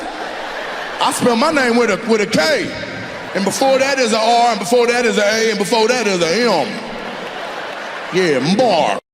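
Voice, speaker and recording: A man doing stand-up crowd work on a club stage, loud, profane and teasing the crowd. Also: extremely high pitch, gravelly, reverberant, big-room sound. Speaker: stand-up comedian. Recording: noisy live club recording. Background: audience laughter.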